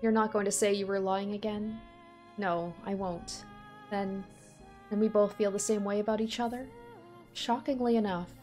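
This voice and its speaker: A woman's voice: mid-range voice, fairly even intonation, normal speed, darkish tone, soft background music, lightly acted. A woman reading the part of a blunt, demanding young woman from a visual novel, delivering her lines in a pointed, questioning way. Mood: wary.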